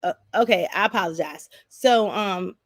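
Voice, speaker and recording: A middle-aged woman talking casually to her live-stream viewers. She is candid and rambling, restarting her sentences as she goes. Her voice sits at an ordinary pitch and sounds dry and close. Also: normal speed, no room sound.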